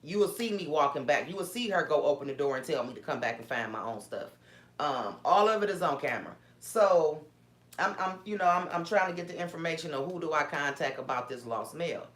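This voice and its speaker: A woman's voice: low voice, animated, a little fast. A woman vlogger telling a story in a casual, indignant way, with many restarts. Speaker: small business owner vlogger. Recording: roomy echo.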